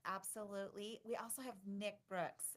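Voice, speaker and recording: A woman co-hosting a livestream, chatting excitedly with many fillers and restarts. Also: medium pitch, moderate pace, a crowd in the background. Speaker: conference organizer and co-host. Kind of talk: casual livestream chat.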